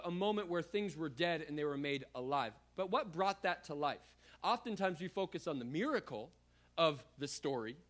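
A male pastor in the middle of a sermon, reading scripture aloud and breaking off to talk straight to his listeners. His voice sits a little high for a man. He repeats words and throws in casual asides as he goes. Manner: animated preacher, repeats words, conversational asides.

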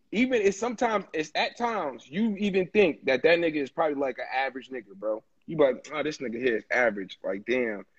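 Animated guy on a podcast, cusses a lot, kinda dull muffled audio. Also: high-pitched, breathy edge. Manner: animated, emphatic, swears freely. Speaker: podcast co-host. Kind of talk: casual chat.

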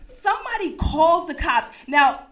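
A woman from the East Coast of the USA telling a personal story in a casual, animated way, laughing often and swearing freely. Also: very high voice, unhurried, a little hiss or hum.

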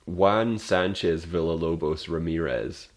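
Deep voiced guy ranting n swearing in a casual chat, really low. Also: measured pace. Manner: swears freely, animated ranting.

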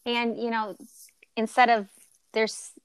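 A woman's voice: fairly high pitch, level tone, slow pace, clear, resonant tone, dry recording. A woman guest on a podcast chatting casually, playful and enthusiastic. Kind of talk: casual interview chat.

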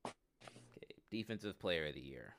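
A man's voice: a bass voice, animated, normal speed, a bit bright, slight background noise. A man co-hosting a podcast, chatting casually about basketball in a loose, rambling way and laughing often. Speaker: podcast co-host. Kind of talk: casual sports chat.

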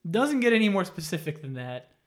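A man with a high-pitched voice, talking fairly quickly, casually retells a video game story. His loose, profane storytelling is animated, and he acts out the characters' lines.

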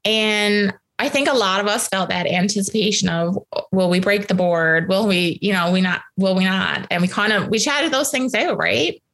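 Woman, guest, emotional, halting, personal story. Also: medium pitch, fairly even intonation, a bit bright. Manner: emotional, halting, many restarts.

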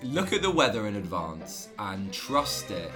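A man's voice: on the low side, very animated, measured pace, music in the background. A man co-hosting a podcast in casual comedic chat, reading reviews aloud and laughing often. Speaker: podcast co-host.

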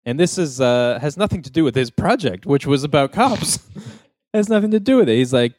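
A man's voice: mid-range voice, big pitch swings, moderate pace, darkish tone, dry recording, studio quality. A man hosting a casual comedy podcast, rambling through a story and acting out the lines. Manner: rambling retelling with quoted voices and laughs. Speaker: podcast host.

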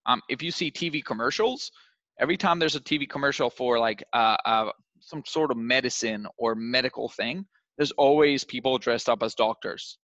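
A young man teaching cold calling in an animated coaching voice. He jumps into little acted phone calls to show each point. The sound is dry and close, a bit dull and lo-fi. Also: mid-range voice, moderate pace, dry recording. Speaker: sales trainer.

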